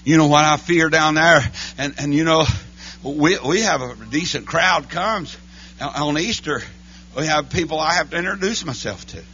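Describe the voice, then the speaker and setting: A man preaching a holiness church sermon, chanting his lines between breathy "uh, amen" beats. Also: fairly high pitch, moderate pace, pushed and bright, dull audio, a little hiss or hum. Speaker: pastor. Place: church sanctuary.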